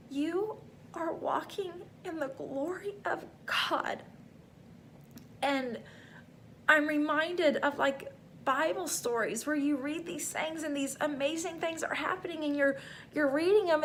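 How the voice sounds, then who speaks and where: High-voiced woman sharing heartfelt faith testimony. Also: a bit bright, slight background noise. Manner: rambling, heartfelt, full of "like" fillers. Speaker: faith vlogger.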